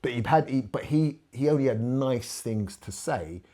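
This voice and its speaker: A middle-aged man, a podcast guest telling a candid story in an animated way and acting out what other people said. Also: mid-range voice, moderate pace.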